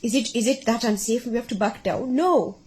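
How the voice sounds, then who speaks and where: A woman content creator rants straight into the camera, fiery and accusatory. Her voice sits a little high with a husky, breathy edge. She builds to sharp, emphatic outbursts. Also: a little fast. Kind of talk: impassioned political rant to camera.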